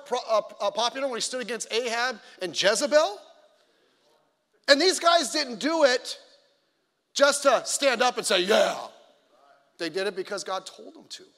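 A man with a very high-pitched voice preaches a sermon in a large church auditorium, animated and telling stories. He swings between loud exclamations and quiet asides, acting out other people's lines.

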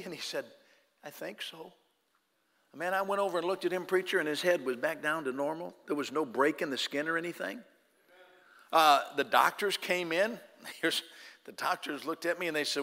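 A man who was once a firefighter giving an emotional personal testimony to an audience, loud in tense moments and hushed in prayer. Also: on the high side, normal speed, gravelly, big-room sound. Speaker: former firefighter telling a testimony.

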